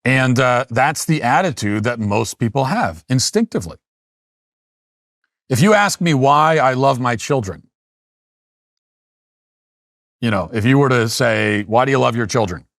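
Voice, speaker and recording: A middle-aged man hosts a commentary show, talking in an emphatic monologue that circles back with repeated phrases and restarts. His voice sits at an ordinary pitch, and the recording is dry, with little room sound. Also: animated, moderate pace, a bit bright, dry recording. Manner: emphatic, repetitive, with frequent restarts. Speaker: political commentary host.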